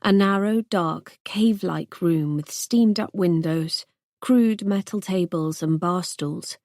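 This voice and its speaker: A woman reads a first-person thriller audiobook in a tense, measured voice. She takes her time, letting each line land slowly. The recording is close and dry, with no room sound behind her. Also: fairly low pitch, a little mellow, no room sound. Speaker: audiobook narrator.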